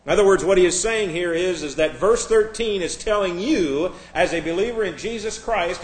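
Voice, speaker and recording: Sarcastic preacher in an echoey room. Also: male voice, high voice. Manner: sarcastic, mocking. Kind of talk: sermon.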